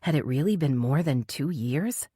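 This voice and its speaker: A woman narrating an audiobook in a measured, steady way. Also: sits low, husky, dry recording, clean studio sound. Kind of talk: scripted narration.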